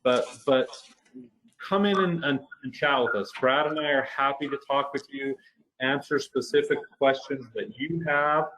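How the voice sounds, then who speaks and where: A man co-hosting a physical therapy webinar, friendly and a bit halting, often repeating words as he restarts. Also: medium pitch, fairly bright tone, slight background noise, low-quality recording. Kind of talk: casual webinar talk.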